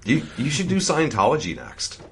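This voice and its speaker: A man's voice: mid-range voice, huge pitch swings, moderate pace, vocal fry, slight background noise. A man from Eastern Canada, a guest on a podcast, chatting casually. He swears freely and giggles a lot. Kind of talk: casual chat.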